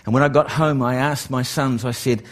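A middle-aged man telling a testimony in a sermon, animated and repetitive, building to excited emphasis. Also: mid-range voice, normal speed. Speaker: preacher.

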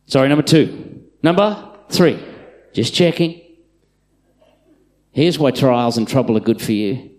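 A middle-aged man preaching a live sermon in a church, telling stories and swinging from loud calls to hushed asides. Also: medium pitch. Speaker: pastor. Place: church auditorium with congregation.

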